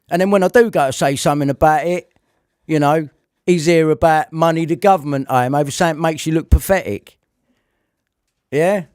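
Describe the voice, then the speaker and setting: A man's voice: a little high, darkish tone, dry recording, clean studio sound. A man delivering a heated, repetitive rant to camera, swearing often. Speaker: vlogger.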